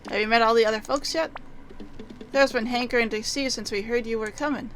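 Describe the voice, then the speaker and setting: A woman's voice: fairly high pitch, steady tone, quick pace, fairly bright tone, slight background noise, lightly acted. A woman voicing a folksy older male frontier shopkeeper with a drawling, homespun way of talking, as in a video game. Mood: friendly. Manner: drawling, homespun turns of phrase.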